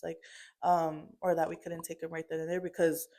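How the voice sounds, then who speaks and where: A woman's voice: on the low side, flat delivery, a little fast, a little mellow, slight background noise. A young woman telling her mother a family story in casual chat, full of "like" and "um" fillers.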